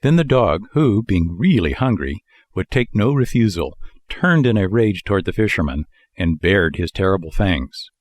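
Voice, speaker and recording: A man reading a children's audiobook with lively, expressive storytelling. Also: sits low, moderate pace, no echo, clean studio sound. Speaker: audiobook reader. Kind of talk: scripted narration.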